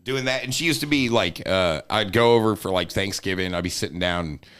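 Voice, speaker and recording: Laughing, animated male storyteller. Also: low-pitched, fairly quick, clean tone. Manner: animated, laughing, swears freely. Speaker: podcast guest. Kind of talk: casual storytelling.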